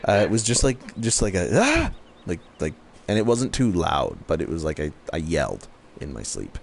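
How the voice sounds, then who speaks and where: A man's voice: extremely low pitch, expressive, fairly quick, vocal fry, a little hiss or hum. A man chatting casually while gaming, rambling through a story with lots of fillers. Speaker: co-host.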